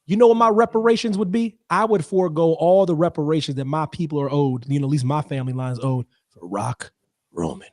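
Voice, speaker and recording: A man hosting a wrestling podcast in casual chat, animated and excitable, joking and laughing often. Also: fairly high pitch, normal speed. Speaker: podcast host.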